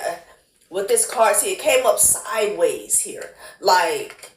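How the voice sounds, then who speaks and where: Blunt, salty woman reading tarot cards. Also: medium pitch. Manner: blunt, profane, calls listener honey and child. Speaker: tarot card reader. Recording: echoey room.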